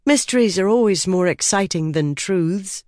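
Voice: medium pitch, lively intonation, normal speed, a little mellow, no room sound, studio quality, pitched above the performer's own voice, natural voice. A narrator voicing a sly, self-assured young female thief who answers with cool confidence.

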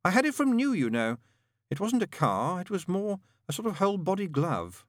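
A man's voice: high-pitched, very animated, moderate pace, dry recording, studio quality, pitched above the performer's own voice. A man reading aloud and voicing a cynical male demon with a sardonic, exasperated manner. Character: cool, cynical male demon, fraying under stress.

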